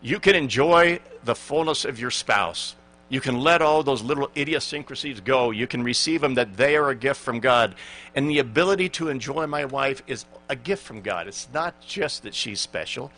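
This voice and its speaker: A man's voice: medium pitch, animated, moderate pace, pushed and bright. A man in his sixties, a pastor giving an earnest, emphatic sermon and reading out scripture.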